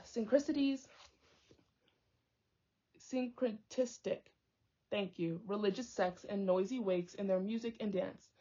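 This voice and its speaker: A woman's voice: mid-range voice, warm tone. A young woman reading a book aloud, stumbling over hard words and breaking off into chatty tangents. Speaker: book reader and commentator. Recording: dull lo-fi audio.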